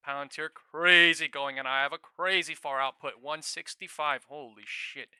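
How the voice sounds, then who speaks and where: Bright, crisp, excitable male trading streamer. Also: fairly high pitch, normal speed, few pauses, dry recording, clean studio sound. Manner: swears a lot, bursts into shouting and laughter. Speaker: day-trading livestream host. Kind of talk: excited live trading commentary. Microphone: new studio mic.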